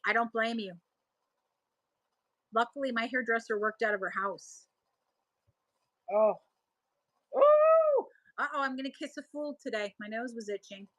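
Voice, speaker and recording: A woman's voice: a little high, moderate pace, long pauses, sharp tone, no room sound, poor audio. A middle-aged woman with a Buffalo, New York accent, hosting a casual live stream and chatting through viewer comments. She rambles, trails off and restarts her sentences. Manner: chatty, reads viewer comments aloud and answers them. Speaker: livestream seller host.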